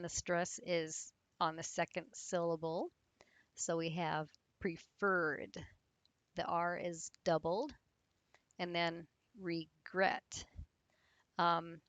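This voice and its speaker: A woman's voice: on the low side, fairly bright tone, dry recording. A woman teaching English grammar, patiently explaining spelling rules and spelling words out letter by letter.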